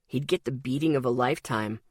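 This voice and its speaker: A woman voicing a calm, protective young man with a smoky, soothing voice in an audiobook. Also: extremely low pitch, brisk, breathy edge, no echo, clean studio sound, pitched below the performer's own voice.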